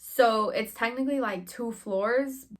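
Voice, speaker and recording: Young woman vlogger, storytime, swears a lot, slangy and animated, kinda high voice. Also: unhurried, slight background noise. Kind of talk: casual storytime.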